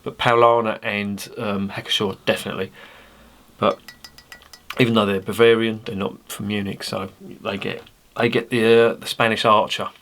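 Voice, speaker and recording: Male beer reviewer, low-pitched, casual and rambling, throws in jokes. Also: level tone, normal speed, a bit bright, slight background noise. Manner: chatty, rambling, jokey asides.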